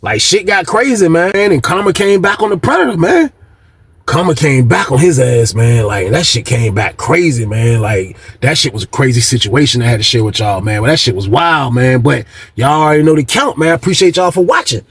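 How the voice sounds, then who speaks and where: Gravelly husky man telling a story. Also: medium pitch, fairly quick, no echo. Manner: animated, swings between loud and hushed. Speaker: vlogger. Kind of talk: casual storytelling.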